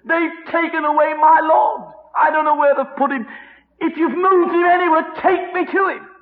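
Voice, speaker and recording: A preacher acting out a grieving woman disciple with a high, strained, pleading voice during a sermon. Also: steady tone, normal speed. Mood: anguished pleading. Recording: reverberant hall, dull lo-fi sound.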